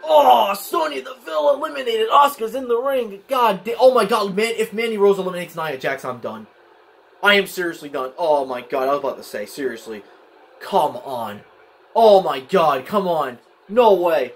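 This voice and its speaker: A young man giving excitable, frustrated live commentary while playing a wrestling video game at home, often yelling at the screen. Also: high-pitched, moderate pace. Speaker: gaming channel host. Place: home, at a desk in a spinning chair.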